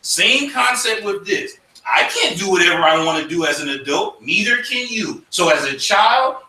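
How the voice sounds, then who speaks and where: A man's voice: high voice, sharp tone, slight background noise. A man teaching a church Bible class, acting out voices of kids and parents. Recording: roomy, from far off, faint ambience.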